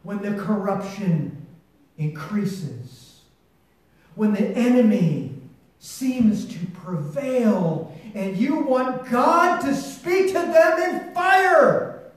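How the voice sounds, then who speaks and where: A man preaching a sermon, swinging between loud shouted proclamation and a hushed, near-whispered delivery. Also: sits high, lively intonation, drawn-out words. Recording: very echoey, voice distant from mic.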